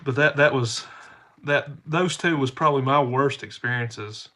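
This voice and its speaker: A man's voice: mid-range voice, moderate pace, pushed and bright. A man telling rambling, folksy stories to his camera while stuffy-nosed from a cold. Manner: rambling, repeats himself, folksy. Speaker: channel host. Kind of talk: casual storytelling to camera.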